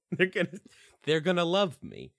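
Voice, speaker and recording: A man's voice: sits high, wildly swooping pitch, unhurried, gravelly. A young man, a podcast co-host, telling stories in casual chat while laughing and swearing a lot.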